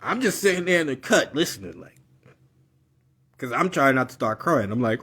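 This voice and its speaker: A man's voice: mid-range voice, moderate pace, slightly rough. A young man telling a personal story in a live video, in slangy casual speech, acting out his relatives' voices. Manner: animated storyteller, acts out family voices.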